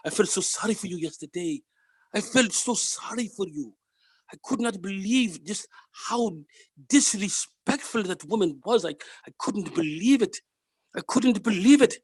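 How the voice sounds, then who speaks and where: Guy putting on a high-pitched indian shop owner, indignant, drags out his words, lively up and down. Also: breathy edge, no echo, clean studio sound. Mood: sorrowful. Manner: high, emphatic, drawn-out exclamations. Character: middle-aged male shop owner, indignant and sympathetic.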